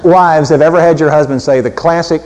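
Animated preacher man in a reverberant hall. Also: a little high, brisk, some chatter behind, slight background noise. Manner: animated, humorous, swinging from loud to soft. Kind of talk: sermon.

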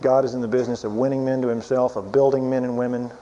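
Man, preacher, animated anecdote, chuckling, lo-fi sound, light hiss. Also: mid-range voice, fast. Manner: lively storyteller, chuckling through his anecdote. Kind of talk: sermon storytelling. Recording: dull lo-fi recording with faint hiss.

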